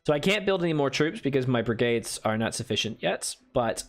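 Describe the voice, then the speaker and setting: A man talks through a strategy game on a live stream in a relaxed, chatty way, explaining his plans and bantering with his chat. His voice sits at an ordinary middle pitch, and soft music plays quietly behind him. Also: brisk. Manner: chatty, answers viewer chat, playful asides. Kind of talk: casual gameplay commentary.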